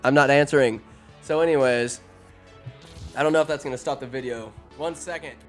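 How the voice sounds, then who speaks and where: A man recapping a fantasy film in casual, sarcastic commentary, animated and quick to put on voices for the characters. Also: mid-range voice, music in the background. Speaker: movie recapper. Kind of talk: casual comedic movie recap. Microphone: phone or desk mic, recording alone.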